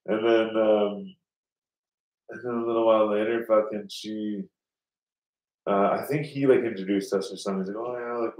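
A man telling a rambling story in casual chat, swearing a lot and acting out other people's lines. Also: lowish voice. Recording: roomy sound from a distance.

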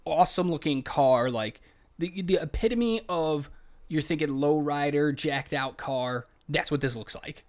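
A man co-hosting a casual podcast chat about films, retelling scenes in an animated, rambling way. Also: fairly high pitch, moderate pace. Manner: animated storytelling, rambling asides. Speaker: podcast co-host reviewing films.

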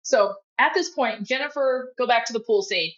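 A woman's voice: fairly high pitch, normal speed, muffled recording. A woman guest co-hosting a casual podcast chat, swearing freely and acting out film lines in put-on voices. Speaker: guest co-host.

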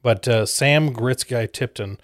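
A man co-hosting a casual movie chat, easygoing and halting as he lays out his picks. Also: medium pitch, dry recording, clean studio sound. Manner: easygoing, halting, with fillers and restarts. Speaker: podcast co-host.

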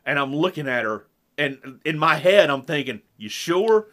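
A man's voice: on the high side, normal speed. A middle-aged man chatting casually as a podcast co-host, telling home stories and acting out the dialogue. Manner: animated, acts out quoted dialogue. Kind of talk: casual storytelling chat.

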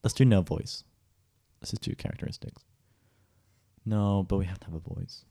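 A man chatting casually with a friend, joking in quick back-and-forth. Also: low-pitched, steady tone, creaky, dark tone. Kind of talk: casual chat.

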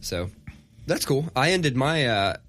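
A man's voice: mid-range voice, takes it slowly. A man in his thirties chatting casually on a podcast, telling stories with animation and cursing freely. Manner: animated storyteller, swears freely. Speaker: podcast co-host. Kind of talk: casual chat.

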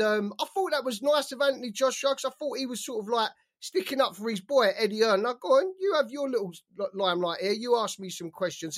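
A British man co-hosting a boxing chat, excitable, swearing and saying "like" a lot. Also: high voice. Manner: excitable, swears freely, many fillers like "like". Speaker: boxing podcast co-host. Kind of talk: casual chat.

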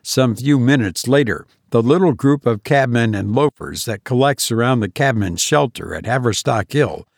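Measured male storyteller, dry sound. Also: medium pitch, lively intonation, vocal fry, no room sound. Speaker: narrator. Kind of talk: audiobook reading of a classic story.

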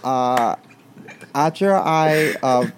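A man's voice: mid-range voice, extremely slow, a little hiss or hum. A young man co-hosting a comedy podcast, chatting casually with lots of ums and likes. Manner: chatty, filler-heavy, laughs while talking. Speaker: podcast co-host.

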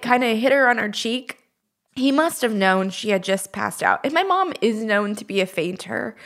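A woman's voice: a little high, fairly bright tone. A young woman from Northern California, a radio host, tells a personal story on air and gets choked up as she talks.

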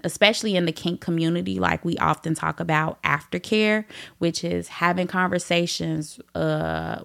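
A woman's voice: fairly low pitch, vocal fry, fairly bright tone. A woman hosting a solo podcast in a candid, playful way that breaks into laughter. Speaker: podcast host. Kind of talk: casual solo podcast talk.

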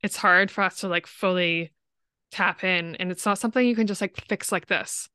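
A woman's voice: fairly low pitch, steady tone, normal speed, sharp tone, clean tone, dry recording. A woman who is a podcast guest, talking in a rambling, reflective way and saying "like" a lot. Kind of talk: casual interview chat.

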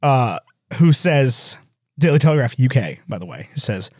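A man's voice: mid-range voice, no room sound, studio quality. A man co-hosting a podcast, chatting casually and sarcastically about a film and laughing often. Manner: sarcastic, animated, quick to laugh. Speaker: podcast co-host. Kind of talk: casual film review chat.

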